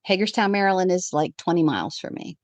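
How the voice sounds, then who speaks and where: A woman guest on a podcast, telling her own story in a lively way and acting out the lines of the people in it. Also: on the low side, fast, no room sound. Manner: animated storyteller who acts out the quoted dialogue. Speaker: guest, evidential medium. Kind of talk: personal storytelling in a podcast conversation.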